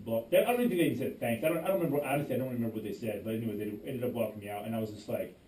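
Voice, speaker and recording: A man chatting on a podcast, his voice mellow and dark. He restarts sentences and acts out what he and others said. He sits back from the mic in an echoey room. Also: mid-range voice, rapid-fire, far from the mic. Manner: animated storytelling, frequent restarts and quoting himself. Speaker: podcast co-host. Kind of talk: casual podcast chat. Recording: roomy echo, voice away from the mic.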